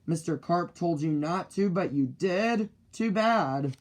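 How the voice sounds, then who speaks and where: A man voicing a calm, matter-of-fact policeman while reading a children's storybook aloud. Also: a little high, slow pace. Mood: steady. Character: calm adult male policeman.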